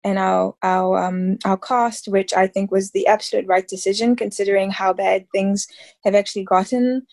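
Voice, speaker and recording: A woman's voice: mid-range voice, fairly even intonation, moderate pace, vocal fry, darkish tone. Chatty woman actress full of fillers. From South Africa. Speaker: actress guest. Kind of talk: casual interview chat.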